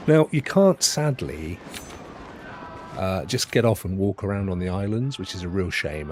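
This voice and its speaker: A man's voice: deep voice, darkish tone, slight background noise. A man from England hosting a live stream and chatting loosely while he plays, chuckling often. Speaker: gaming streamer host. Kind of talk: live gameplay commentary.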